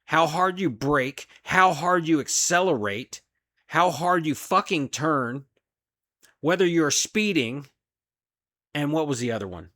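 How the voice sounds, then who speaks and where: A man's voice: on the high side, expressive, takes it slowly, pushed and bright, no echo. A man, a delivery driver, venting in an angry, profane solo rant about his job. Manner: profane, heated, frustrated.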